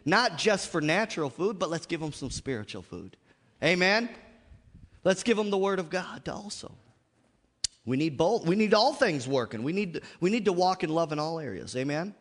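A man preaches to a congregation in a church sanctuary, working the room with call-and-response, frequent cries of "Amen?" and questions like "How many of you know." His fairly high voice is sing-song at a normal speed, a bit bright, with a big-room sound.

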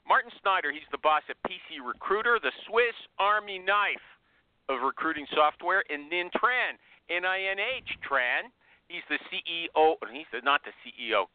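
A male talk radio host speaks bluntly and jokingly in a high, lively voice. The sound is thin and phone-like, and completely dry. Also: dry recording. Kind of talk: casual talk radio monologue. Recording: tinny phone line.

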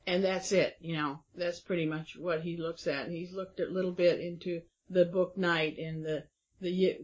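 A woman's voice: lowish voice, darkish tone. Woman host talking casually, lots of ums, dull lo-fi sound. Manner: chatty, reads quotes aloud, frequent fillers. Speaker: interview host. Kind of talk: conversational interview. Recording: dull lo-fi audio.

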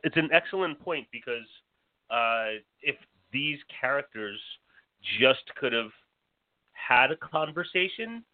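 A man co-hosting a casual horror film podcast, building his point in a measured, step-by-step way. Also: mid-range voice, expressive, dry recording. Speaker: podcast co-host. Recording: dry phone-like sound.

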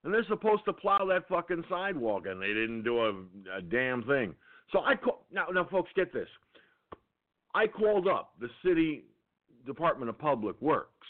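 A man's voice: on the high side, big pitch swings, normal speed. A man hosting an internet radio show, telling a profane, angry story in a ranting monologue. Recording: tinny phone-line sound.

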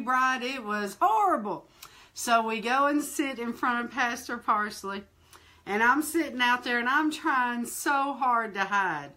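A woman hosting a fireside chat, telling a personal testimony in a lively, colloquial way and talking straight to her listeners. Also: a little high. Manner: animated, laughing, acts out quoted voices; colloquial, addresses listeners directly. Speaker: ministry host.

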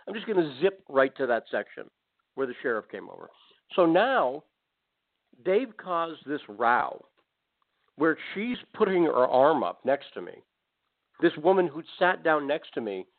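Sarcastic talk radio host, tinny sound. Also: male voice, a little high. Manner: sarcastic, rambling asides. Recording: phone-like narrow band audio.

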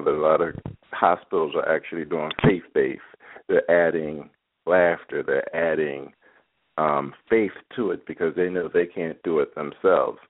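A man hosting a live radio interview, encouraging his guest with short affirmations. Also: very deep voice. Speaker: radio show host. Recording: tinny phone-line sound.

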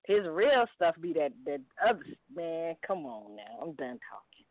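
A man co-hosting a casual morning chat show, chatty and teasing, laughing loudly at the host. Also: a little high, big pitch swings, moderate pace, dry recording. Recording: tinny phone line.

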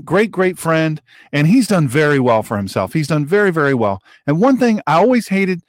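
A man hosts his own broadcast, delivering political commentary with heat and insistence. His voice sits slightly high and leaps higher when he presses a point. The sound is dry and close, with no room around it. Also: no echo. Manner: heated and emphatic, with sharp pitch jumps and repetition. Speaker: host of an online broadcast.

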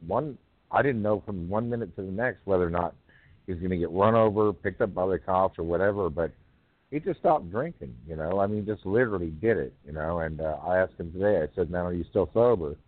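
A man hosting a poetry call-in radio show, rambling and halting with many fillers. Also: deep voice, dry recording. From North Carolina. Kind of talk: casual call-in chat. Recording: tinny phone line.

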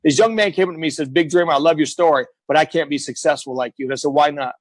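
A middle-aged man telling stories on a talk show, blunt and emphatic, with a voice pitched a bit high for a man. He repeats his points for effect, and the sound is dry and close, with no room around it. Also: racing, no room sound. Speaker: guest. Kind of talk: casual storytelling.

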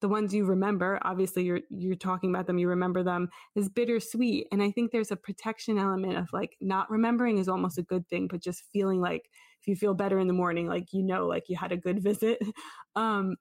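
A woman host chatting in a relaxed, affirming way with her guest. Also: mid-range voice, fast talker, gravelly, dry recording, studio quality. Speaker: podcast host. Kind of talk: casual interview chat.

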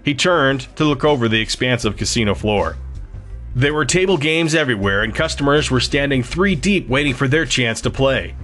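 Male narrator, scripted audiobook reading, steady, mid-pitched voice. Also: moderate pace, soft background music.

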